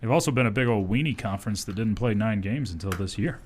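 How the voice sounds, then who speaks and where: A man's voice: lowish voice, fast talker, slight background noise. Easygoing man hosting sports radio. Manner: easygoing, chuckles often while talking. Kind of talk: casual sports talk. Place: radio studio.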